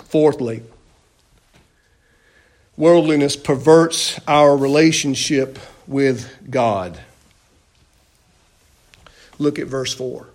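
A man's voice: mid-range voice, extremely slow, pauses often, a little mellow. A man preaching a sermon in a church, emphatic and full of rhetorical questions and repeated phrases. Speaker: pastor.

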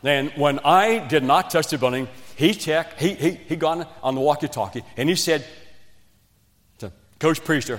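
Preacher with hall reverb. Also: male voice, medium pitch, moderate pace. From West Virginia. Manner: animated storytelling, swings between loud emphasis and quiet asides. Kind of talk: revival sermon. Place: church sanctuary. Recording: long reverb of a church hall.

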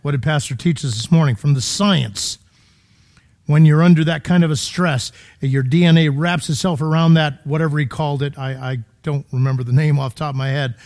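A man's voice: on the high side, steady tone, brisk, a little mellow. A man preaching a sermon in a conversational, emphatic way, full of rhetorical questions, in a church.

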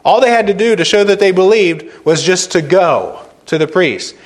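A male pastor preaching a sermon, repeating phrases for emphasis and swinging between loud stressed words and quiet, slow points. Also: high-pitched, expressive.

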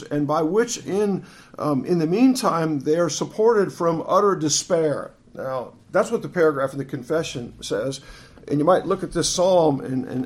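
A man delivers an earnest teaching sermon in a somewhat high-pitched voice. He reads verses aloud and often doubles back to restart his phrases as he explains them. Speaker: preacher. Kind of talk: expository sermon.

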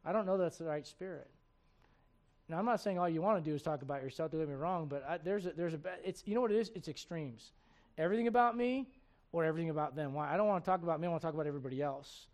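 A man with a high-pitched voice preaches a sermon as pastor. He keeps asking his listeners rhetorical questions and acts out the voices he quotes. He swings between loud, pressing emphasis and low, quiet asides. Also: racing.

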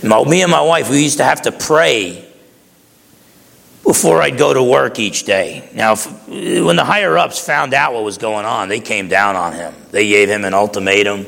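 A man's voice: medium pitch, moderate pace, gravelly, fairly bright tone. A middle-aged man from New Jersey preaching a sermon, folksy and storytelling, often repeating words as he goes. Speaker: pastor. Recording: long hall reverb.

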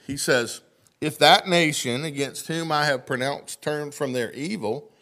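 Pastor preaching a sermon. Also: male voice, mid-range voice, fairly bright tone. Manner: asks the congregation questions, reads scripture aloud. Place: church sanctuary.

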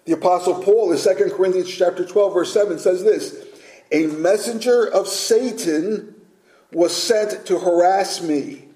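A man's voice: high-pitched, a little slow, mellow, echoey room, low-quality recording. A man preaching a sermon as pastor, earnest and direct, asking his listeners rhetorical questions.

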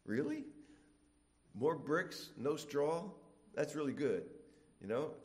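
A middle-aged man preaching a sermon, animated, acting out complainers in whiny voices. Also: fairly high pitch, slow pace.

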